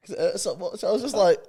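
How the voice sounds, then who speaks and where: A man co-hosting a podcast, bantering quickly with lots of laughter. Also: high-pitched. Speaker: podcast co-host. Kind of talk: casual chat.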